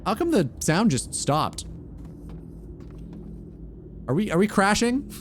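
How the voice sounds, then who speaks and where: A man's voice: high-pitched, very animated, slow pace, a little hiss or hum. A man chatting casually on a gaming stream, rambling and swearing offhandedly.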